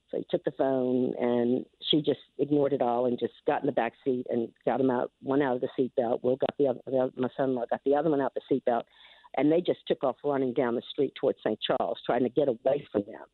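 A woman's voice: very deep voice, no echo. An older woman calling in to a radio show, telling a long story with many restarts and asides. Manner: rambling, restarts often, lots of "you know". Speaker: caller, neighborhood security district official. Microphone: telephone. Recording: tinny phone line.

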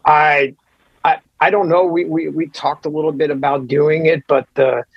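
A man's voice: a little high, fairly even intonation, normal speed, vocal fry, no echo, highs cut off. A man drummer guest in casual podcast chat, hesitant and repeating himself.

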